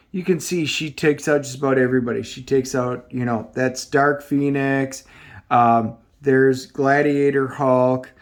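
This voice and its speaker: A man's voice: medium pitch, steady tone, a little slow. A man reviewing comic books and retelling the story in a casual way, with many fillers and restarts.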